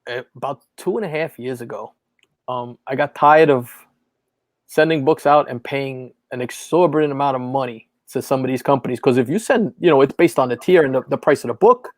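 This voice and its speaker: A man from New York, a guest on a casual chat, speaking in a relaxed, laid-back way. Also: medium pitch, a little fast, no echo. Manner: relaxed, laid-back, short agreeing replies.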